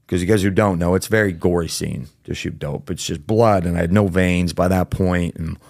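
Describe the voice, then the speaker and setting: A man's voice: low-pitched, steady tone, brisk, creaky, darkish tone, no echo, clean studio sound. A man as a podcast guest, telling his story candidly and casually, with plenty of fillers and the odd swear word.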